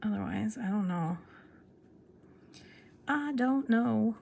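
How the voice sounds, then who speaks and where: A young woman chatting excitedly in a casual show-and-tell vlog, restarting her sentences as she goes. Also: a little high, slow pace, creaky, slight background noise. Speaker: pen vlogger.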